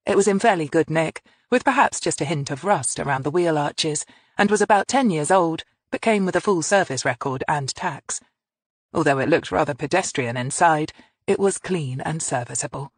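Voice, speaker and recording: An audiobook narrator reading a crime novel in a measured storytelling manner. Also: mid-range voice, animated, no echo.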